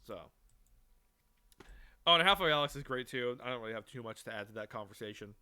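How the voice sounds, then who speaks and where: Bright-voiced young man chatting casually. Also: mid-range voice, expressive, quick pace, smooth. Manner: rambling, swears freely, trails off. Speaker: podcast co-host. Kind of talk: casual chat.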